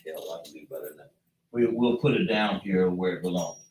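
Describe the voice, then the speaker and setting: A man teaching a slow lesson at a chart, patiently breaking down and repeating sounds as he writes them out. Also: low voice, a little mellow, recorded from a distance. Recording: echoey room, voice from afar.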